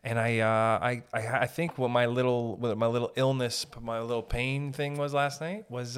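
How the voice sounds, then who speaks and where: A man's voice: medium pitch, fairly even intonation, moderate pace, hardly any pauses, clean tone. A young man hosting a podcast, rambling through a comedic monologue, interrupting himself often and swearing casually. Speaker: podcast host.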